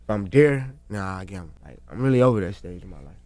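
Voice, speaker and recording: A man answering interview questions in a relaxed, slangy manner. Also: low-pitched, fast talker, no room sound. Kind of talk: street interview.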